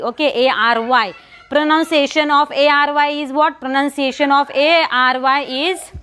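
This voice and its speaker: A woman teaching a children's lesson, repeating words slowly and asking and answering her own questions. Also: high voice, a bit bright. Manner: repetitive, asks and answers her own questions, stresses pronunciation. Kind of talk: online English lesson for young children.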